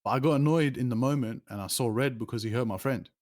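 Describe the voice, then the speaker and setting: Man in his late 20s, mid-range voice, casual and animated, swings up in pitch mid-story. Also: fast talker. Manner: animated, rambling, with sudden pitch jumps. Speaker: interview guest, streamer.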